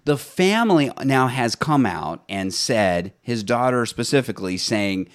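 A man's voice: mid-range voice, animated, a little slow. A man co-hosting an entertainment podcast, rambling and laughing often in casual chat. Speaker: podcast co-host.

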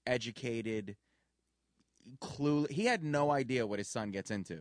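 A man's voice: medium pitch, a little slow, no room sound, studio quality. A man co-hosting a podcast, telling stories and making points in casual chat. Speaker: podcast co-host.

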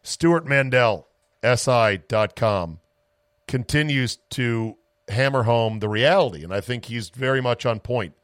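A male podcast host talking casually from his home office, rambling through a story and slipping into voices for his family. The mic is close and dry, with no room sound, and his pitch sits in an ordinary middle range. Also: unhurried, a bit bright, no echo. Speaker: sports talk host.

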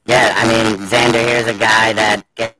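A man's voice: fairly low pitch, flat delivery, a little slow, bright, forceful tone, rough recording. A man joining a sports talk show remotely, speaking briefly, on a mic glitching into a robotic sound. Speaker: call-in guest.

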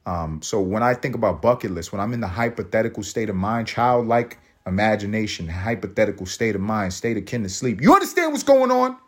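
A man with a low-set voice rambles through a solo podcast monologue, cursing freely and laughing at his own jokes. He often jumps up into a high, excited pitch to drive a point home. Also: fairly quick, hardly any pauses, husky. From Puerto Rican family, raised in US projects. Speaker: podcast host.

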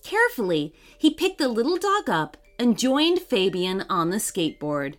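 A woman narrating a children's story in a gentle, expressive reading manner. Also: mid-range voice, normal speed, few pauses. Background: faint music.

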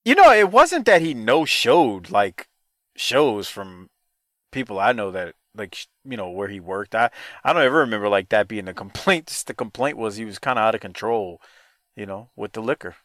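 A man's voice: lowish voice, sing-song, normal speed, fairly bright tone, dry recording, clean studio sound. A man hosting a casual podcast chat, loose, laughing and profane. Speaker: podcast host.

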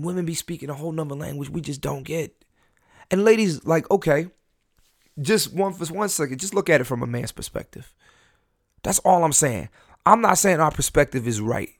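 A man hosting a solo podcast in casual, profane talk, animated, often restarting and repeating words as he rants. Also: a little high, vocal fry, no room sound, studio quality. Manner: animated, repetitive restarts, profane, laughs at himself. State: high on an edible. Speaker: podcast host.

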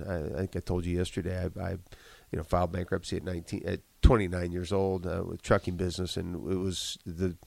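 Man, congested and a bit rough, low voice, earnest storytelling, dry close sound. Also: no room sound. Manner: earnest, motivational storytelling with frequent restarts. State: congested, slight cough. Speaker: guest, business owner. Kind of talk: casual podcast chat.

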